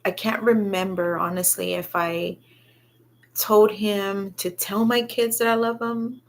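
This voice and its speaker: A woman telling a personal story, halting and reflective, with many pauses and fillers. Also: mid-range voice, steady tone. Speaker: vlogger sharing her own story.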